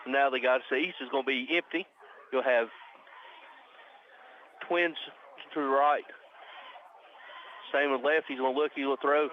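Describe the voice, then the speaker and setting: A man calling a high school football game live on the radio as the play-by-play announcer, speeding up and rising on big plays. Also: steady tone, normal speed, pauses often. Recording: muffled radio broadcast with faint noise.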